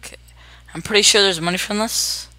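A young adult gaming host giving chatty, upbeat commentary while playing, narrating each move out loud. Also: medium pitch, fairly even intonation, a little fast, no echo. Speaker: gameplay video host. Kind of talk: casual let's-play commentary.

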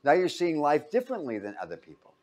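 Animated man quizzing a classroom. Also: a little high, fast. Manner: quizzes the class with fill-in-the-blank questions; animated, acts out quotes in voices. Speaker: teacher. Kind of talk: classroom lecture.

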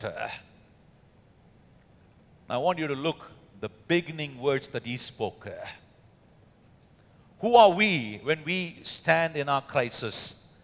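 This pastor, a man with an Indian accent, delivers an emphatic sermon full of fillers and rhetorical questions. His voice sits on the high side with a slightly bright tone, and the church hall recording carries noticeable echo.

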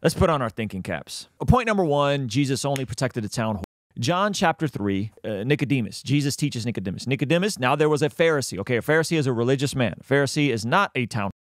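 A man hosting a Christian reaction commentary, animated and quick to laugh, explaining and reading Bible passages into a close mic. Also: medium pitch, no room sound. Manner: animated, bursts into laughter, reads scripture aloud.

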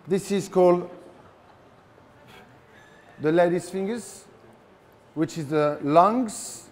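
A man's voice: a little high, darkish tone, a little hiss or hum. A man with a French accent giving a live cooking demonstration, playful and joking with his audience as he cooks. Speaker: chef. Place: live event in front of a large audience.

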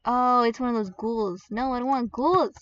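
A woman giving chatty, excitable commentary while playing a game, with squeals and laughs as she opens pets. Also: a little high, moderate pace, no room sound, distant mic, dull audio. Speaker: gaming video creator. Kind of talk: gaming commentary.

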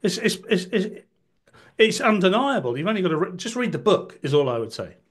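A man's voice: sits high, very animated, a little fast, husky. A man talking as a guest on a political podcast, hesitant and full of restarts, with wry asides.

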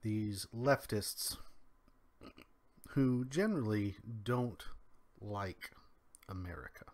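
Slow-talking man with a faint Kentucky twang. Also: fairly low pitch, darkish tone. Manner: measured, drawn-out delivery with pauses. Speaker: commentary podcaster. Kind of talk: solo spoken commentary.

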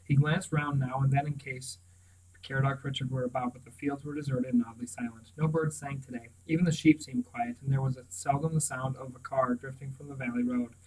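Male audiobook reader, steady measured read-aloud, set back from the mic. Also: mid-range voice, recorded from a distance, rough recording. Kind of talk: storybook read-aloud narration.

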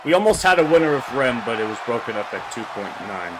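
A man giving casual, reactive commentary on a wrestling video game, swearing and yelling at the screen as he pleads with the characters. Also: mid-range voice, very animated, quick pace. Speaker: gameplay commentator. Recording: game crowd and noise behind voice.

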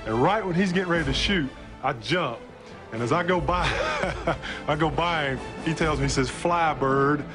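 A man's voice: on the high side, moderate pace. A man, a former basketball player, vividly recounting a play in a documentary interview. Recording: interview clip with music behind.

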